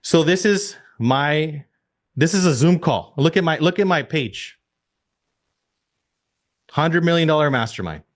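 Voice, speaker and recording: A man who leads a real estate team, giving an energetic coaching talk on a video call, repeating his key points and firing rhetorical questions at his listeners. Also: on the high side, a little slow, pauses often.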